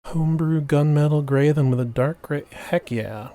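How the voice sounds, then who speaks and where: With a little high, warm voice, a streamer paints miniatures live and talks casually with viewers. He's chatty and jokey at his desk microphone, tending to trail off partway through sentences and begin again.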